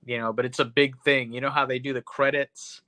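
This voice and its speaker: A man's voice: medium pitch, little pitch movement, brisk, pushed and bright, no room sound. A man hosting a podcast, recapping a movie in a rambling, profane, casual way full of "you know". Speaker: podcast host.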